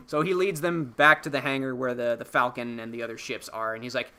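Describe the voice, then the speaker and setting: A man hosting a podcast, telling a film's plot in a casual, profane, animated way and acting out the characters' lines. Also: mid-range voice, fairly quick, hardly any pauses. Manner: animated, profane storytelling with acted-out character quotes. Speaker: podcast host. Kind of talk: casual spoiler-filled film recap.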